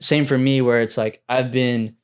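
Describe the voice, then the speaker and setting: A man's voice: mid-range voice, moderate pace, clear, resonant tone. A young man co-hosting a gaming podcast, chatting casually with lots of "like" and "bro". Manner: relaxed, full of "like" and "bro". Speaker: podcast co-host. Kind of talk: casual chat.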